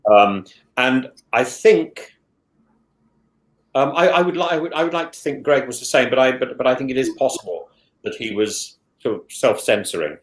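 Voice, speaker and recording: Guest voice: man, halting and stammering, mid-pitched, echoey room sound. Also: animated. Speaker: guest, former contestant. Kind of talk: casual podcast discussion. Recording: roomy echo.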